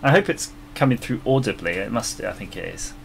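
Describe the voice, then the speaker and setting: A livestream host designs a circuit board while chatting casually, laughing often and muttering as he searches for things. His voice is on the low side, expressive and a little fast, with vocal fry, and his microphone sits about three feet away.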